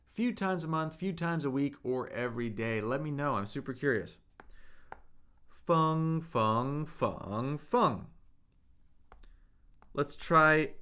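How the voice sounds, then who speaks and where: A man with a sharp-toned voice on the high side teaches Mandarin over a live stream. He answers chat questions and demonstrates tones in slow, patient, drawn-out drills.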